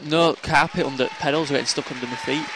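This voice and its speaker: Yorkshire male co-host, slightly high voice, loose jokey chat, faint street noise behind. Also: fairly even intonation, fast. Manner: rambling, jokey, laughs often. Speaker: podcast co-host. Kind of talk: casual chat.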